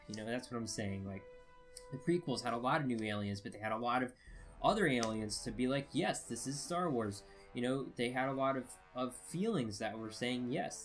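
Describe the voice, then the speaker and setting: A man giving a casual spoken review, rambling with many fillers and restarts. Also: mid-range voice. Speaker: video reviewer.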